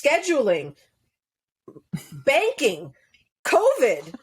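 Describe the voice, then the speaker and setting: A woman's voice: sits high, wildly swooping pitch, drawn-out words. A woman coach, a podcast guest, talking in casual interview chat, earnest and explanatory, laughing now and then.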